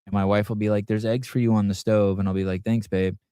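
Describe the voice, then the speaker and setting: Middle-aged guy rambling on his podcast, swears a lot, lowish voice, dry sound. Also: little pitch movement, fast talker, dark tone, clean tone, no echo. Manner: rambling, profane storytelling. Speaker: podcast host. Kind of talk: casual live podcast chat.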